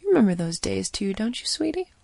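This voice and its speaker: A woman's voice: mid-range voice, fairly quick, creaky, a little mellow, no room sound. A woman voicing a grumpy older woman doctor who is blunt and teasing, speaking in a dry, sarcastic, bossy way.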